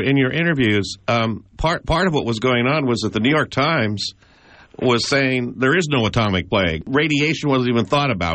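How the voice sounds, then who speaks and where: A man hosting a radio interview, halting and using many fillers as he sets up a question. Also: medium pitch, fairly bright tone, no room sound. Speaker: radio host.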